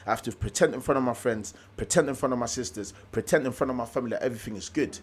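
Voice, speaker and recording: Young guy w a telling his story fast, does the voices of people he quotes, motivational speaker. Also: mid-range voice, husky. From Germany. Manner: animated storyteller, acts out quoted dialogue. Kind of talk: casual storytelling interview.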